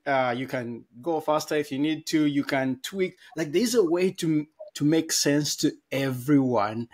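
A man with a voice pitched a little above the usual male range, co-hosting a podcast. He speaks in a relaxed conversational way, thinking aloud and working through ideas with everyday examples. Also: a little slow. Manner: thoughtful, explains with everyday examples. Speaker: podcast co-host. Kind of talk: casual conversation.

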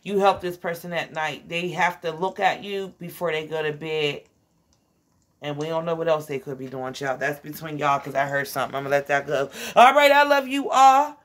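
A tired woman with a raspy voice giving a casual tarot reading, loose and slangy, talking to her listeners as guys, honey and child. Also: low-pitched, level tone, normal speed. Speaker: tarot reader.

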